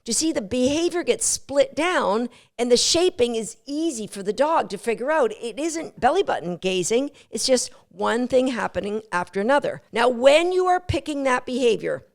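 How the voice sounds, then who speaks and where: Brief: female dog-training podcast host, a gravelly edge, lively and coaching. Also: a little high, moderate pace, few pauses. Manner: lively, coaching, acts out dog and owner thoughts. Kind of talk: instructional podcast talk.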